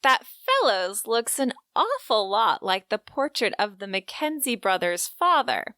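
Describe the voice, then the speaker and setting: A woman co-hosting a casual book recap podcast, gushing and animated, laughing often between read-aloud quotes. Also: on the high side, a little slow, hardly any pauses, no room sound, clean studio sound. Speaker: podcast co-host.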